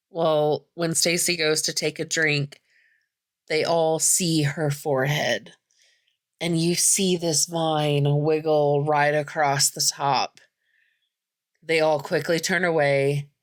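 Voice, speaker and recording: A woman's voice: low-pitched, fairly even intonation, slow pace. A woman podcast host casually recapping a movie plot, chatty, full of "like" fillers and casual swearing.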